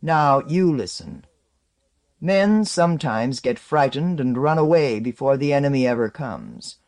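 A man voicing an old tribal chief, shrewd and gruff, with a cracked bass voice. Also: lively intonation, a little slow, darkish tone. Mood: gruff, measured. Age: older.

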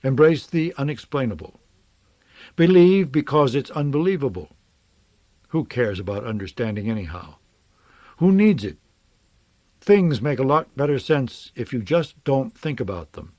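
A man voicing a distraught husband and father who speaks slowly, brokenly and with bitter sarcasm. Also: mid-range voice, very animated, a little mellow, dry recording.

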